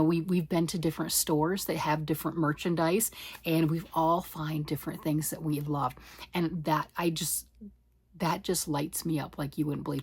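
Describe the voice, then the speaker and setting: A woman's voice: low-pitched, darkish tone, slightly rough, no room sound. A woman hosting a knitting podcast, rambling and self-deprecating as she chats casually with her listeners. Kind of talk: casual chatty monologue.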